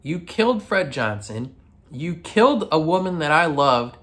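A man's voice: a little high, very animated, unhurried, fairly bright tone, voice pushed up. A man voicing an angry, defiant woman captain who rants indignantly. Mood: furious. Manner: ranting, indignant. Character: furious woman ship captain, fed up and defiant.

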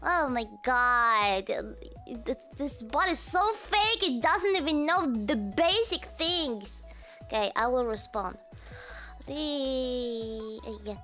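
A woman with a very high, bright voice that leaps up and down as she reacts. She talks slowly but stays excitable, swearing and teasing on a casual live stream. Laughs break into her talk often. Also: faint music behind. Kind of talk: casual livestream chat.

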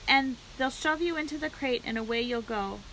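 A woman voicing a wise, calm female spider who speaks in a low, measured way, for a storybook read-aloud. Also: slight background noise, low-quality recording. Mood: firm.

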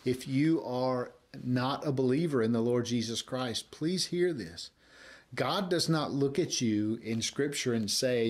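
An American man preaching a sermon as pastor, earnest, rising to loud emphasis and dropping to soft, quiet lines. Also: medium pitch, unhurried.

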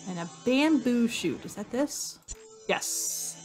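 A woman playing a hidden object game, talking to herself slowly as she searches for items. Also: fairly high pitch, expressive, a little mellow. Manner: slow, musing, talks to herself while searching. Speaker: gamer. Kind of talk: casual let's-play commentary. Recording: faint music behind voice.

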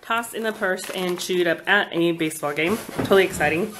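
A woman's voice: on the low side, a little fast, very noisy. A woman vlogger chatting casually at her kitchen table at home, gushing and flustered as she talks. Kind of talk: casual unboxing chat.

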